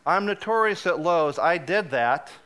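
Animated, bright-voiced man preaching. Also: a little high, unhurried, slight background noise. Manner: animated storyteller, self-deprecating, laughs often. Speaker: guest preacher. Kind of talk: sermon with humorous personal story.

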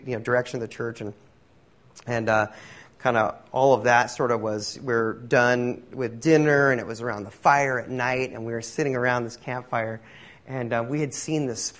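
A man preaching a casual, conversational sermon, rambling with many fillers and self-deprecating humor. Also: medium pitch. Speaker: pastor.

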